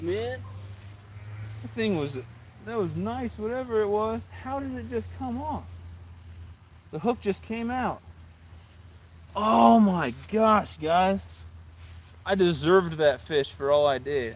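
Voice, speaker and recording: Young male fishing streamer, slightly high voice, casual and exasperated, faint outdoor ambience. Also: animated, slow, long pauses, slight background noise. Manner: exasperated, repeats himself, talks to chat. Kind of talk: casual live-stream chat. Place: outdoors by water.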